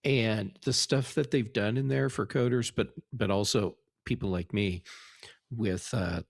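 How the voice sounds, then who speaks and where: A man co-hosting a tech podcast, talking in a relaxed, rambling way with many fillers. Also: fairly low pitch, unhurried, creaky, no echo, clean studio sound. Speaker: podcast co-host. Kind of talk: casual tech podcast chat.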